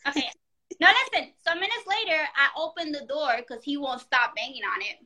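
A woman in casual chat, telling a story in an animated, profane way and acting out the quotes. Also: high-pitched, fairly quick.

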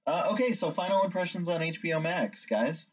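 A man's voice: a little high, expressive, a little fast. A young man hosting a casual podcast chat, joking and teasing his co-hosts. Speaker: podcast host. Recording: distant, dull-sounding mic.

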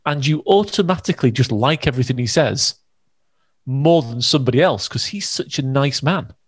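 A man co-hosting a casual business podcast, agreeable and quick to chime in. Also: mid-range voice, expressive, husky, no echo. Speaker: podcast co-host.

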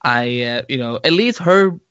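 A man co-hosting a casual podcast, talking in an animated, excitable way with many restarts. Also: medium pitch, a little slow, clear, resonant tone, dry recording. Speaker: podcast co-host. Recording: dull muffled lo-fi sound.

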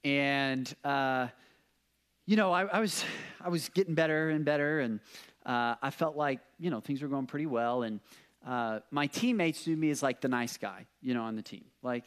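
A young man preaching a casual sermon, telling stories with lots of fillers and animated asides. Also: mid-range voice, moderate pace, clear, resonant tone. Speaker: pastor.

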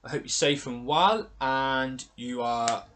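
A man's voice: mid-range voice, slow pace, fairly bright tone, a little hiss or hum. Frank man hosting a podcast. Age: adult with children. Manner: frank, candid and self-deprecating, with casual swearing. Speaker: podcast host. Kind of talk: casual solo podcast talk.

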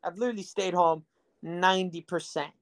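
A young man from South Texas rambles through a crude anecdote for his podcast. His voice sits a touch higher than most men's. He fills the gaps with ums and asides, and he jokes at his own expense. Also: steady tone, brisk. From Rio Grande Valley, Texas. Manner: rambling, crude, joking, full of fillers. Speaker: podcast host. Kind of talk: casual storytelling podcast.

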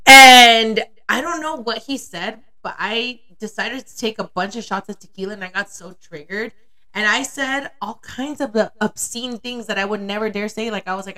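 A woman's voice: fairly high pitch, normal speed, bright, forceful tone. A young woman co-hosting a podcast, chatting casually and telling candid stories with frequent laughter. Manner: candid storytelling, laughs often. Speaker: podcast co-host. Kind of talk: casual chat.

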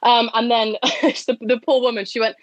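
A young woman telling a personal story as a guest in a casual interview, animated and acting out the voices of others. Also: fairly high pitch, moderate pace, no room sound.

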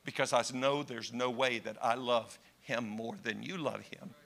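Man preaching, bright forceful tone, hushed then shouting, impassioned sermon. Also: medium pitch, fairly even intonation, unhurried, gravelly.

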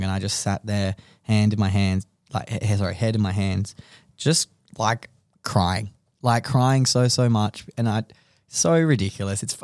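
A man's voice: lowish voice, darkish tone, dry recording, studio quality. A young man with an Australian accent, co-hosting a casual podcast and telling an emotional story in a rambling way with many restarts. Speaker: podcast co-host.

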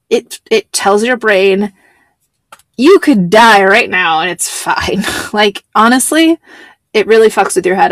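Chatty woman with a gravelly edge. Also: medium pitch, no room sound. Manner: rambling, laughs often, swears casually. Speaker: podcast host recapping a TV show. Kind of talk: casual chat.

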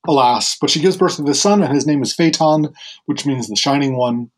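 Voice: medium pitch, a little fast, rough recording. Chatty storyteller retelling a myth. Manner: chatty, frequent fillers and laughs. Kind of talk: casual storytelling.

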